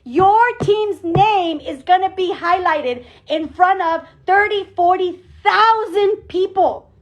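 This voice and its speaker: Very high-voiced energetic woman coach. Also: slow, lo-fi sound. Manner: energetic and emphatic, repeats phrases. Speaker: team leader. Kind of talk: motivational pep talk on a group call. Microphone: call audio.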